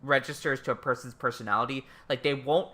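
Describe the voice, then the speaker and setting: A man co-hosting a podcast in casual chat, talking excitedly, swearing freely and acting out quotes in animated voices. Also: mid-range voice, fast. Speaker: podcast co-host.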